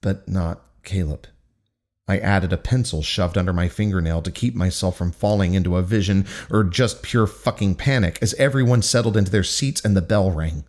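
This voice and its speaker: A man's voice: on the low side, darkish tone. A man reading a first-person novel aloud in an intense, angry, profane manner. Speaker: audiobook narrator.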